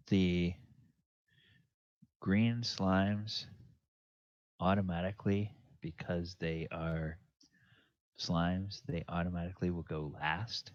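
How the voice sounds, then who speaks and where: A man narrating a tabletop game as dungeon master, halting and musing aloud. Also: sits low, no echo, muffled recording. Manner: halting, many fillers and restarts, musing aloud.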